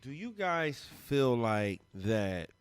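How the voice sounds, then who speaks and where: A man hosting a podcast in a dry studio, talking with a very lively, swinging pitch. He teases his guests and tosses out crude jokes in loud bursts, then slows down to ask questions. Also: clear, resonant tone, no room sound. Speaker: podcast host. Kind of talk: casual uncensored podcast banter. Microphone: studio mic.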